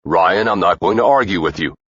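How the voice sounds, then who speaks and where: A man's voice: low voice, a little fast, fairly bright tone, breathy edge, no echo, muffled recording. A man voicing an older male team leader who gives firm, clipped orders, in an audiobook thriller. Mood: commanding.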